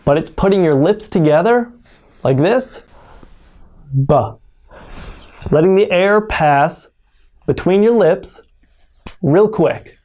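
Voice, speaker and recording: Pronunciation teacher, native English speaker, unhurried and careful delivery, exaggerated sounds for demonstration. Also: mid-range voice, expressive, darkish tone. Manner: slow, deliberate, exaggerates sounds when demonstrating. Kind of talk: online pronunciation lesson.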